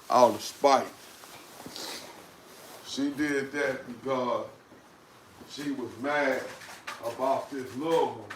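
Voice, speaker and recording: A man, vlogging and scolding his dog in an animated, repetitive way. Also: mid-range voice, very echoey, distant mic, a little hiss or hum, poor audio. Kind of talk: casual vlog talk to camera and dogs.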